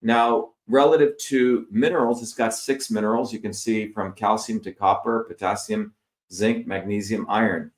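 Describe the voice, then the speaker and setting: A middle-aged man explains a slide presentation, working through long lists of terms with filler words. His voice sits on the lower side. The sound carries a roomy echo. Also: steady tone, normal speed. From India. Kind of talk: explanatory lecture over slides.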